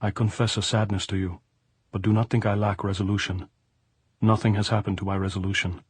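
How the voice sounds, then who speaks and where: A man reading the lines of a blunt, earthy middle-aged guerrilla woman in an audiobook, speaking frankly and gravely. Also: on the low side, level tone, fairly quick, no echo.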